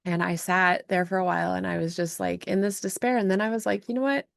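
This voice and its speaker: A woman hosting a podcast, telling an emotional story in an animated way, with frequent restarts. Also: fairly low pitch, brisk, creaky, dry recording. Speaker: podcast host and self-published author. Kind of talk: casual storytelling chat.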